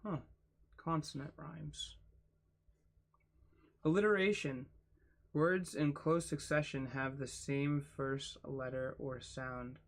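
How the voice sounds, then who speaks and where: A man reading a book aloud for his channel, spelling out words letter by letter and adding quiet asides. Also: medium pitch, flat delivery, takes it slowly, creaky. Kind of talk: casual read-aloud.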